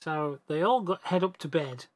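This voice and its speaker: On a team gaming voice chat, a man with a highish voice tells a drawn-out joke at a moderate pace. The delivery is loose and rambling, with frequent restarts and self-corrections.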